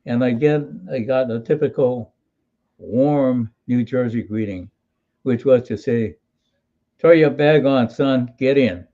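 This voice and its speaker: In an interview, an eighty-something military veteran from Hawaii tells folksy, wry stories and often starts over mid-thought. His pitch is medium, and the sound comes through like a phone line.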